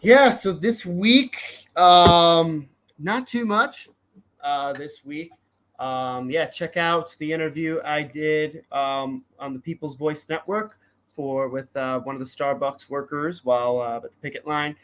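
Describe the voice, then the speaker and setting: A man co-hosting a podcast in relaxed, casual chat, halting and leaning on lots of fillers as he thinks aloud. His voice sits a touch high for a man. He talks slowly and unhurriedly. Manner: hesitant, heavy on fillers like "um" and "like". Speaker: podcast co-host.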